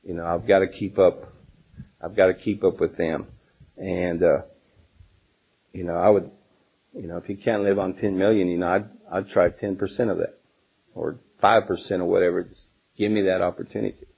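A man's voice: low voice, fairly even intonation, moderate pace, creaky, a little mellow, husky, muffled recording. A middle-aged man teaching a Bible class in a loose, rambling way, full of fillers, restarts and personal stories.

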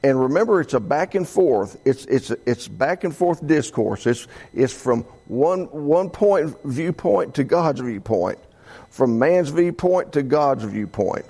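A man's voice: mid-range voice, lively intonation, slow, dark tone, slightly rough. A man teaching a Bible class in a conversational way, often restarting his sentences.

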